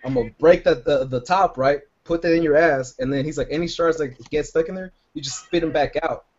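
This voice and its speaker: Fast-talking profane storyteller man. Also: on the high side, highs cut off. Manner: profane, rambling, animated storyteller. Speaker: podcast co-host. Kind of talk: casual storytelling chat.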